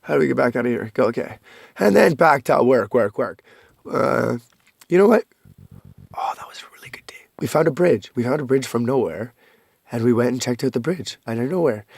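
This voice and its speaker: A man's voice: mid-range voice, animated, brisk, creaky, no room sound, clean studio sound. A young man vlogging a rambling, profane confessional monologue, joking darkly as he goes. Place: rural home at night, partly outdoors.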